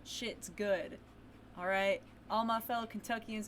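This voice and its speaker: A woman streaming a video game in casual chat, playful and excitable, breaking into loud exclamations and reading game text aloud. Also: medium pitch, unhurried, slight background noise.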